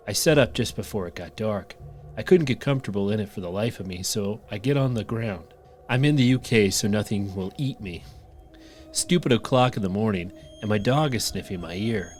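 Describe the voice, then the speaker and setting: A man's voice: lowish voice, a little mellow, slight background noise. A man co-hosting a podcast, reading listener stories aloud and adding dry jokes. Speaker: podcast co-host.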